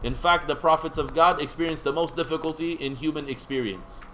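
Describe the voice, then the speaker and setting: A man with a somewhat high voice gives a relaxed classroom lecture. He talks in a conversational way, stops to quiz the students in the room, and drops in light joking asides. A faint hiss sits under his voice. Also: a little fast, rough recording. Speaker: seminary teacher.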